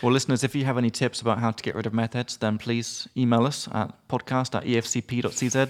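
Man, podcast co-host, mid-pitched voice, chatty, upbeat, explains with examples. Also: level tone, fast. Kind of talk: casual language-learning podcast chat.

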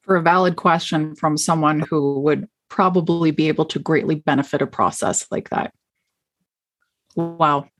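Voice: mid-range voice, normal speed, a bit bright. An interview host who speaks agreeably and affirms the guest's points. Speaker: podcast host. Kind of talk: interview conversation.

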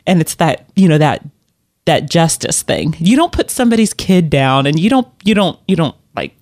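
A middle-aged woman chatting casually, rambling and self-deprecating, with halting restarts. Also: sits low, very animated, darkish tone, no echo, clean studio sound. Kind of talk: casual chat.

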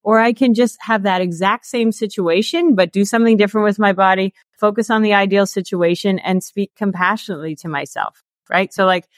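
A woman in her thirties, a guest author and coach, talking casually in an interview with lots of "like" and quick laughs. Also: mid-range voice, no room sound, studio quality. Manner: chatty, peppered with "like" and laughs.

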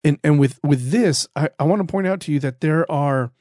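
A man's voice: a little high, normal speed, a little mellow, no room sound, studio quality. A man giving earnest, conversational Bible teaching on a podcast, repeating himself and restarting phrases as he goes. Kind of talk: casual spoken Bible teaching.

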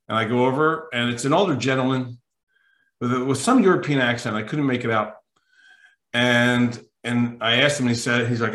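A man, a mental toughness coach, telling an animated story as a podcast guest, emphatic and acting out the quotes. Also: medium pitch, moderate pace, reverberant. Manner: lively, emphatic, acts out quotes.

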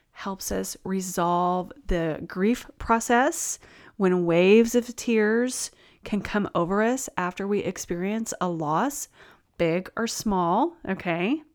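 A woman wellness host talking straight to her viewers, upbeat and reassuring. Her voice sits at an ordinary middle pitch for a woman. She slips light laughs in between her points. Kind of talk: encouraging talk to camera.

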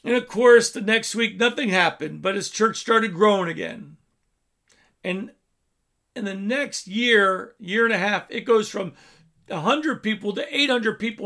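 Male preacher, high and gravelly, dynamic sermon delivery. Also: unhurried, bright, forceful tone. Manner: storytelling preaching, swells and drops in volume.

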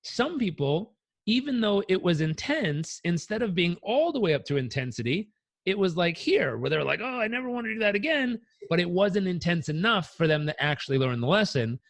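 A man on a podcast telling personal stories in an animated way, acting out the voices in them. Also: sits high, moderate pace, vocal fry, dry recording. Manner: animated, acts out quotes. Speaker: guest. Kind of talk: conversational storytelling.

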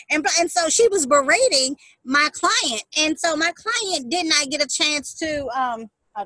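A woman's voice: high-pitched, animated, moderate pace, pushed and bright, no room sound, low-quality recording. A woman dog trainer telling a story as an interview guest, emphatic and acting out what people said. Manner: emphatic, re-enacts quotes with rising intensity.

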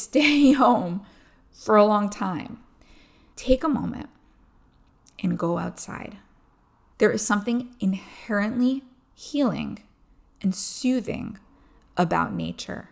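A woman in her thirties hosting a calm advice podcast, speaking gently and encouragingly straight to the listener. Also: medium pitch, creaky. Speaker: podcast host.

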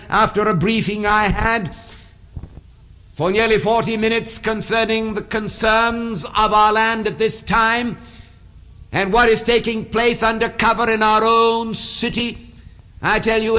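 A man's voice: high voice, sharp tone. A man preaching a sermon in a church, building emphasis through repeated phrases. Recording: long hall reverb.

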